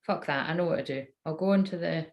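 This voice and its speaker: Chatty, swearing woman with a low voice. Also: quick pace, darkish tone. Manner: chatty, self-mocking, swears freely; mutters and whispers to herself while fiddling with the phone. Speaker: psychic tarot reader live-streaming. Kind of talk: casual live-stream chat.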